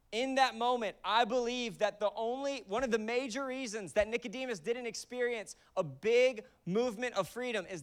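A man's voice: high voice, clean tone. A man in his thirties preaching a conversational sermon, acting out voices in his stories. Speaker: pastor.

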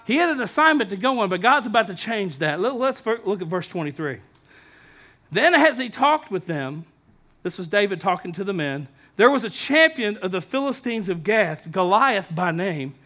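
Speaking straight to his congregation, a pastor delivers a lively sermon full of jokes and asides. His voice sits very high, with a bright, forceful edge.

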